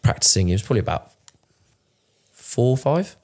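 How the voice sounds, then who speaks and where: A man's voice: mid-range voice, big pitch swings, brisk, darkish tone. A man, telling his own story in a candid, emotional podcast chat, swearing often and restarting his sentences. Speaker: podcast co-host.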